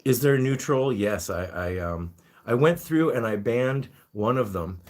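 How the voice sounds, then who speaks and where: A man's voice: medium pitch, expressive, a little slow, a little mellow. A man hosting a casual live-stream chat, reading viewer comments and talking to his guinea pigs. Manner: chatty, reads comments aloud, talks to his pets.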